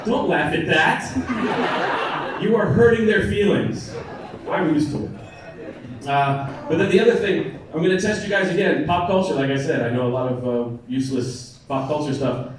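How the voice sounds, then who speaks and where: A man's voice: a little high, measured pace, pauses often, noisy background. An American man performing a stand-up comedy set at a bar comedy night, chatting with and teasing the crowd. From United States. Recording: echoey room, mic from a distance, crowd laughing.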